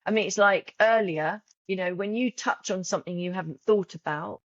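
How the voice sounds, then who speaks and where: A woman's voice: mid-range voice, normal speed, no room sound, highs cut off. A woman podcast guest talking openly and emotionally, often restarting and repeating her words. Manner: heartfelt, frequent restarts and repetitions. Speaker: podcast guest, journal creator. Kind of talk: emotional casual interview talk.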